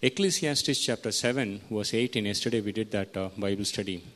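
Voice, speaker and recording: A man's voice: on the low side, brisk, a bit bright. A man preaching a sermon, teaching verse by verse and putting questions to his listeners. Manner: teaching, asks the congregation questions.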